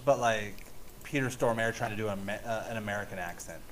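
A man's voice: fairly low pitch, fast talker, a crowd in the background. A man co-hosting a podcast in casual, joking chat, teasing the others. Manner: joking, does mock accents in quotes. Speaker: podcast co-host.

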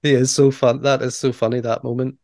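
A man's voice: mid-range voice, flat delivery, brisk, a little mellow, no echo, clean studio sound. A man co-hosting a podcast, casually retelling movie scenes step by step and laughing often. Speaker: podcast co-host. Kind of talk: casual movie recap chat.

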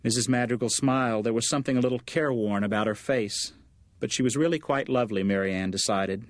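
Man, audiobook narrator, measured storytelling, mid pitch, dry close sound. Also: no echo. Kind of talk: scripted narration.

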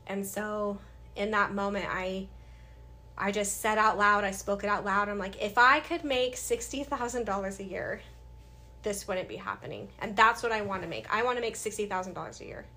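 A woman's voice: mid-range voice, normal speed. A woman in her thirties, a podcast guest, telling her life story in a casual interview and acting out what people said to her. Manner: animated, acts out past dialogue.

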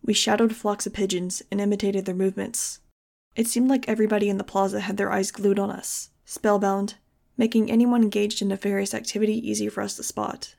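Woman, audiobook reader, first-person narration, steady, expressive, gravelly, fry. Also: mid-range voice, brisk.

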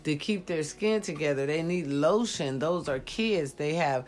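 Lying down while sick, this woman vlogger talks casually to her viewers in a low, slightly mellow voice with lively intonation and a slightly slow pace. She offers blunt, preachy life advice, swears freely, and uses "y'all" often.

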